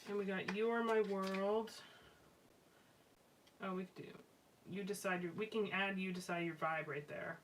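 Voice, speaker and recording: A live-stream craft host scrapbooks as she talks casually and rambles, pausing often in an unhurried, mid-range voice with fairly flat intonation. Fillers and restarts are frequent, and the slightly distant mic catches faint background noise.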